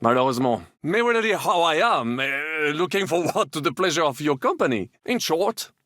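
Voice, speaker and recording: An actor playing a flamboyant, optimistic French knight in a video game, with a French accent and a theatrical, boastful way of talking. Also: male voice, fairly high pitch, sing-song, moderate pace, pushed and bright, dry recording, clean studio sound.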